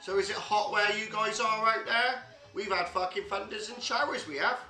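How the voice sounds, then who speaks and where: A man's voice: high voice, fairly even intonation, normal speed, bright, forceful tone. A man hosting a casual livestream, rambling and swearing a lot, with many filler tags. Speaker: livestream host. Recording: echoey room with music playing.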